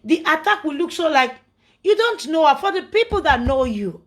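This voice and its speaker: Middle-aged Nigerian woman, a bit high-pitched, ranting and preaching to followers with rhetorical questions. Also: animated, a little fast. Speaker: social media personality. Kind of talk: casual monologue to followers.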